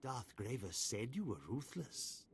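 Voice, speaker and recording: An actor playing a brisk male Imperial officer who gives orders in a commanding way. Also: medium pitch, very animated, slight background noise. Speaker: quest-giver.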